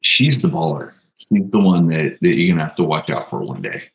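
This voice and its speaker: A man's voice: rumbling low, brisk, vocal fry, echoey room, muffled recording. A man co-hosting a casual podcast chat, telling stories and acting out quotes with animation. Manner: animated storyteller, acts out quotes. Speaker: podcast co-host.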